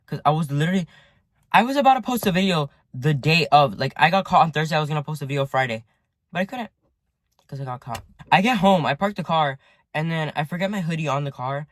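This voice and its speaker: A man's voice: fairly high pitch, lively intonation, quick pace, no room sound. Rambling teen guy telling a story. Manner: rambling, heavy use of "like", swears often. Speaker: vlogger. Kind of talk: casual storytime to viewers. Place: sitting in his car at home.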